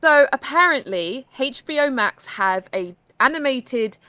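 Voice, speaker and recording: A woman's voice: high-pitched, expressive, pushed and bright, clean tone, no room sound. A woman co-hosting a casual livestream, teasing back and laughing often. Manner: teasing, laughing, quick retorts. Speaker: co-host.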